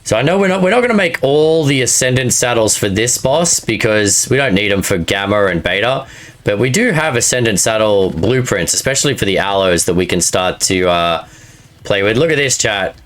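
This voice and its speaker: This streamer has a lowish, fairly bright voice and sounds animated, speaking at a moderate pace. He's playing a game live and keeping up easy chatter with his audience, addressing chat and viewers by name while cracking himself up.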